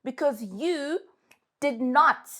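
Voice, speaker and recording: Woman, South African accent, young adult, emphatic, animated advice monologue, slightly high voice. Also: drawn-out words. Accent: South African English. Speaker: vlogger giving advice.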